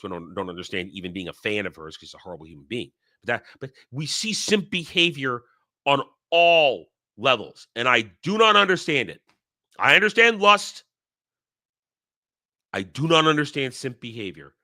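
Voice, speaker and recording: A man's voice: medium pitch, pushed and bright. A man hosting his own commentary channel, ranting bluntly and crudely in casual talk, with many restarts and mocking quotes. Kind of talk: casual opinion rant.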